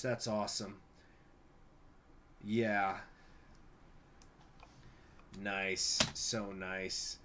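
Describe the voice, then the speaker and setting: A man's voice: medium pitch, a bit bright, a little hiss or hum. A man streaming a strategy game, reading event text aloud and chatting with viewers in a loose, joking way with the odd swear. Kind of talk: casual live-stream commentary.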